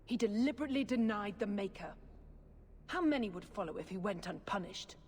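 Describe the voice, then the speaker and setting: An actress playing a fanatical middle-aged priestess in a video game, speaking in a fervent, accusing, sermon-like manner. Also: female voice, mid-range voice, animated, brisk, a little mellow, lightly acted. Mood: zealous. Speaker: priestess character. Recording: long reverb with faint noise.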